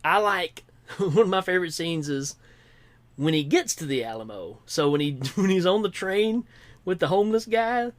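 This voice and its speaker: A man co-hosting a podcast talks in a lively, swooping voice that rises and falls a great deal. He laughs easily and slips into acting out movie lines in the middle of casual chat. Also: high voice, normal speed. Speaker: podcast co-host.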